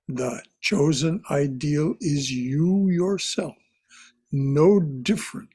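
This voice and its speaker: Slow, husky-voiced male spiritual teacher. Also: medium pitch. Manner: repeats phrases, soft and contemplative. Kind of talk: slow reflective class teaching.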